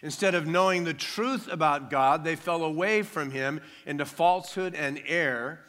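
A man delivers a sermon in a large, reverberant church sanctuary. His voice sits a little high and sounds bright and forceful as he leans hard on key phrases, then drops into soft asides. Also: moderate pace. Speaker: pastor. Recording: long reverb of a large hall.

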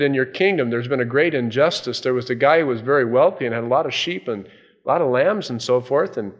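Animated preacher man, slightly high voice. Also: highs cut off. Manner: animated storytelling, dropping to hushed tones for emphasis. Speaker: pastor. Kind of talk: sermon.

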